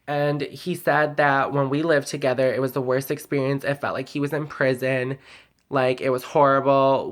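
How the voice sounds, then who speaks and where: A woman's voice: very deep voice, flat delivery, moderate pace. A woman talking straight to camera in a personal vlog, heated and venting, sometimes close to tears. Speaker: vlogger.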